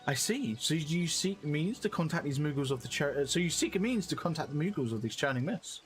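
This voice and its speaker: A man's voice: fairly high pitch, lively intonation, brisk, faint music behind, lightly acted. A man reading a gracious elder stateswoman. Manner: stately archaic phrasing. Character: wise elder woman leader, calm and gracious.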